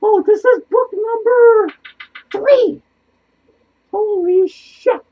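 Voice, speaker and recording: A squeaky, manic, foul-mouthed clown. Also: male voice, extremely slow, muffled recording, full character voice. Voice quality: squeaky, swears constantly, laughs wildly. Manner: excitable, rambling, loses his train of thought. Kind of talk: comedic character monologue. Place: small cluttered home studio indoors.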